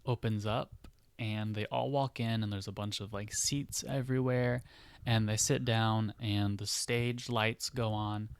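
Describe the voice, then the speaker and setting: A man's voice: fairly low pitch, steady tone, measured pace, smooth, no room sound. A man hosting a podcast, casually telling a story in a rambling way full of "like" and "you know.". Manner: rambling, filler-heavy, many "like" and "you know". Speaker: podcast host. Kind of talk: casual storytelling of a book idea.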